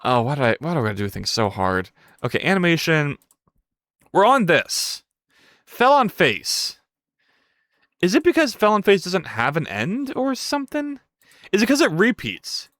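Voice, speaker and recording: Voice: medium pitch, very animated, a little slow, pauses often, a bit bright, no room sound, studio quality. A live streamer thinking aloud while coding, who is playful with viewers and yelps and swears when things break. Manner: playful, chats with viewers between tasks.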